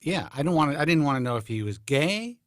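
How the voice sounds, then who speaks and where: A man's voice: on the high side, sing-song, quick pace, dry recording, clean studio sound. A man co-hosting a call-in show, telling stories in blunt, profane casual chat. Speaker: co-host.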